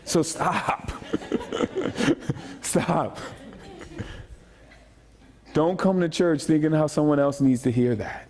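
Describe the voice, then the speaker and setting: A male pastor delivers a casual, humorous sermon in a church. His voice sits high for a man, and he talks in quick bursts, repeating phrases and calling out to the congregation. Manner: animated, jokey, repeats phrases, speaks to the congregation. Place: church sanctuary.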